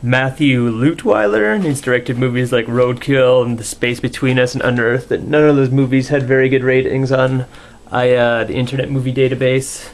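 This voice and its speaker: A young man talks through a movie review in a loose, unscripted way, stumbling over "uh" and "like" as he goes. His delivery is blunt and profane, and his voice sits at an ordinary middle pitch. He keeps it casual and dismissive the whole way through. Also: steady tone, moderate pace. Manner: rambling, filler-heavy, profane and dismissive.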